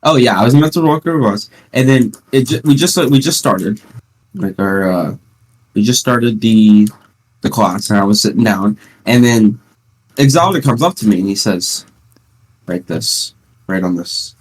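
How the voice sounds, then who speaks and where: A teenage podcast host at home, chatting casually and rambling through stories with playful sarcasm. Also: male voice, lowish voice, normal speed. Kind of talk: casual chat.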